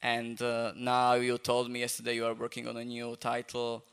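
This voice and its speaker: At a festival event space, a male journal editor introduces a live public talk, hesitant and leaning on many fillers. His mid-range voice is completely flat in delivery, moderately paced, a bit bright, and clear with a resonant tone.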